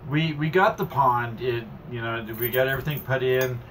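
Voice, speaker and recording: A man telling a story in a playful, casual chat that builds in excitement. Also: medium pitch, normal speed, recorded from a distance, a little hiss or hum. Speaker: host's husband. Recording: voice a bit off-mic.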